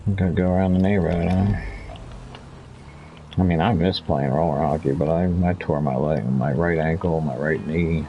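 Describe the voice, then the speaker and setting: A man's voice: rumbling low, steady tone, normal speed, lo-fi sound, a little hiss or hum. A talkative man in his fifties chatting casually over gameplay as a streamer, rambling from story to story and laughing often. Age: 50s. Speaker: gaming streamer.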